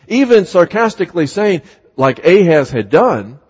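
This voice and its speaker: A fairly high-voiced man preaches with emphatic, repetitive delivery, acting out scripture passages. His voice is husky, and the muffled recording carries a long reverb from a large church hall. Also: animated, unhurried, a little mellow. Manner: emphatic, repeats words, voices scripture quotes dramatically. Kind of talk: sermon.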